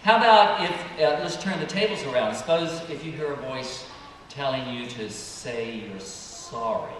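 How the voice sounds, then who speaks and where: A man who is a priest giving a children's sermon, asking the children gentle questions and waiting for their answers. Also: mid-range voice, lively intonation, normal speed. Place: church sanctuary. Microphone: distant room mic. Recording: echoey church hall, distant mic, background noise.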